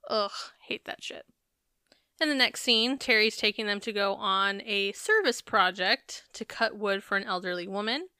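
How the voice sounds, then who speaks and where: A woman's voice: medium pitch, lively intonation, moderate pace, hardly any pauses, bright, forceful tone, clear, resonant tone, no room sound, studio quality. A woman co-hosting a podcast, recapping a reality show in casual, chatty talk with some swearing. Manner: chatty, profane, laughs while recapping. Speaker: podcast co-host.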